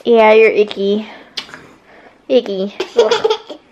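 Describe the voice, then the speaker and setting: A woman's voice: fairly high pitch, steady tone, measured pace, lo-fi sound, a little hiss or hum. A young woman talking to her toddler at home for a family vlog, playful and teasing. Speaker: parent vlogger.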